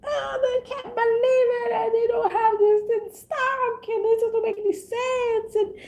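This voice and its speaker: A woman's voice: extremely high pitch, steady tone, measured pace, a little mellow, voice pushed up. A woman mimicking an upset shopper who whines and wails near tears. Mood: wailing. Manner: whiny, wailing.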